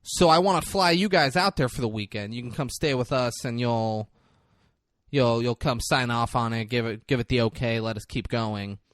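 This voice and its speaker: Rich older man, folksy and persuasive, a man putting him on slightly low. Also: moderate pace, a bit bright, no room sound, clean studio sound, natural voice. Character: rich old male park founder, salesy.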